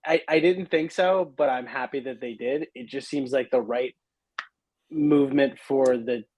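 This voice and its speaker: A man's voice: medium pitch, normal speed, darkish tone, a little hiss or hum, poor audio. A man co-hosting a sports podcast in casual chat, blunt and opinionated with a loose way of talking. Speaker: podcast co-host.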